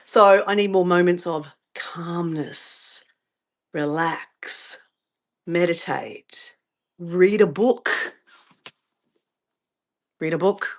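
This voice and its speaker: A woman's voice: fairly low pitch, extremely slow, long pauses. A middle-aged woman with an Australian accent, chatting casually on a live stream, rambling and getting sidetracked as she answers viewer comments. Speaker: vlogger livestreaming her morning routine.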